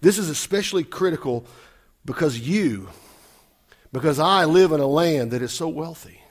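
Animated male preacher, lively pitch. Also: moderate pace. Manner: animated, shifts loud and soft, acts out quotes. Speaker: pastor. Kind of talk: sermon.

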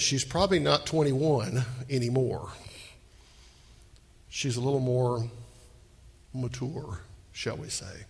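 A man preaching a sermon, talking to the congregation and throwing them questions. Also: fairly high pitch. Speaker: pastor. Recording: long reverb of a hall.

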